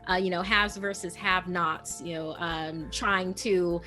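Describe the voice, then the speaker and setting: A woman's voice: lowish voice, steady tone, a little slow, pushed and bright, soft background music. A woman running a tabletop role-playing game, asking players to introduce themselves with frequent fillers. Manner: friendly, prompting players with questions, filler-heavy. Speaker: game master.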